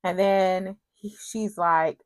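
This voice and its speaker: A woman's voice: mid-range voice, steady tone, takes it slowly, no room sound. A woman casually recapping a TV soap episode, retelling scenes with quoted lines and personal asides.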